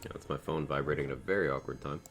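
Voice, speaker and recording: A man's voice: rumbling low, steady tone, rapid-fire, fairly bright tone, faint music behind. A man streaming a game live, chatting casually with viewers and thanking them, in a groggy, tired morning voice. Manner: reads out viewer names and thanks them, laid-back and chatty. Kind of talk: casual live-stream chat while gaming.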